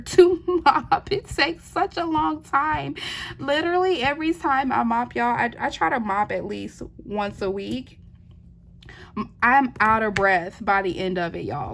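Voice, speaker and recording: She is a wife and mother who runs a diamond painting channel. She talks easily with viewers as she crafts, laughing freely, fielding their questions and saying "y'all" over and over. Her voice is fairly high and a bit bright, with slight background noise.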